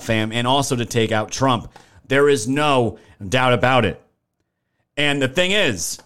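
Speaking in a medium, slightly bright voice, a young man runs a political livestream. He reads the chat with emphatic indignation, swearing along the way and naming viewers to thank them.

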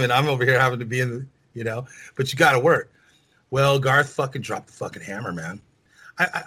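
A man's voice: medium pitch, a bit bright, slightly rough, poor audio. A middle-aged man, a former rock band lead singer, telling stories in an interview in a rambling, profane way full of "you know.". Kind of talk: casual interview storytelling.

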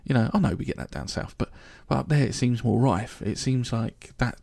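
A man's voice: mid-range voice, normal speed, gravelly, a little mellow, dry recording, clean studio sound. A man from London with a London accent, hosting a solo podcast in a chatty, joking, rambling way. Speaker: podcast host. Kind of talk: casual solo podcast monologue.

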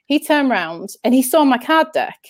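A woman's voice: sits high, big pitch swings, normal speed, no room sound. A woman with a northern English accent, telling stories as an interview guest in a rambling, chatty way that keeps restarting sentences. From northern England. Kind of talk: casual interview chat.

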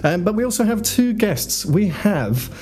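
A man's voice: high-pitched, very animated, a little slow, a little mellow. A man hosting a casual podcast chat, self-deprecating and a bit rambling. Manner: chatty and self-deprecating, with frequent restarts. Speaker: podcast host.

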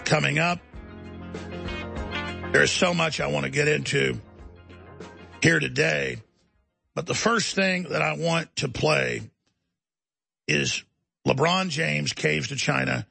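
Ranting talk show guy, super forceful tense delivery, kinda high for a man. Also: creaky, breathy edge, no echo. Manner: ranting, emphatic and heated. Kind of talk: impassioned talk-show monologue.

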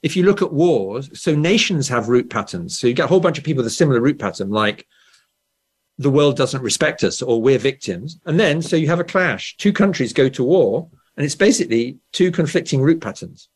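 A man's voice: mid-range voice, lively intonation, a little fast, slightly rough. Guest author, English man, standard Southern English accent, explanatory conversational manner. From England. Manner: explanatory, frequent "right?" tags and restarts. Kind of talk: conversational interview.

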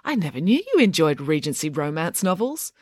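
A cool, scheming schoolgirl voiced by the narrator, unruffled and smug, delivering even threats sweetly. The reading is dry and close, with a lively, varied lilt. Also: medium pitch, brisk, no echo. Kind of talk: audiobook character voice.

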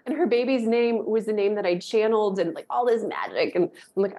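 An effusive woman shares a long personal story on a podcast with a middle-pitched voice. She rambles and rushes from thought to thought, slipping into dramatic quoted voices along the way. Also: warm tone. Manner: emotional and effusive. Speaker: podcast guest. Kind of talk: casual interview storytelling.

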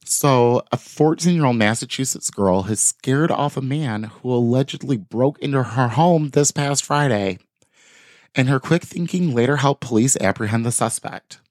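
A man's voice: mid-range voice, no room sound, clean studio sound. A man hosting a podcast, reading news articles aloud with offhand jokey asides in casual chat. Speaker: podcast host.

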